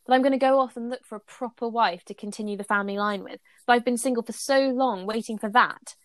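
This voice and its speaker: A woman's voice: fairly high pitch, quick pace, dry recording, close to an everyday voice. A woman voicing a proud, hurt young wizard man in a fan story she reads aloud, speaking in a cold, clipped way.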